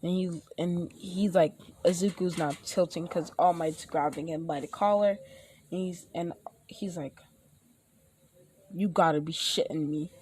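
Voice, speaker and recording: Young woman slowly rambling thru a fan story, lowish voice, bit of hiss behind. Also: steady tone, dark tone. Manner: rambling, many fillers and restarts, acts out lines. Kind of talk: casual spoken fan fiction retelling.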